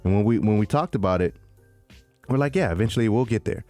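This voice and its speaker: A man co-hosting a casual crypto podcast, animated and slangy, calling people "man" and "dude". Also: lowish voice, fast, no echo, faint music behind. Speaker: podcast co-host. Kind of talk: casual chat.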